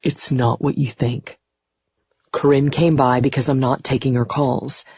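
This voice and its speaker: A woman voicing a commanding, wealthy young man who talks in a low, smooth, clipped way. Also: steady tone, measured pace, a little mellow, no echo, exaggerated voice. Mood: placating. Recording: dry, dull muffled recording.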